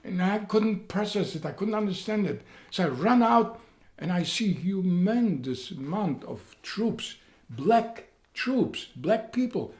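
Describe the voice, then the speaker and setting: An elderly man in his eighties from Poland, speaking, tells his own story in a halting way, repeating words and growing loud as he relives events. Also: sits high, sing-song. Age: 80s. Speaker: interviewee. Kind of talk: personal storytelling. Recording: roomy echo.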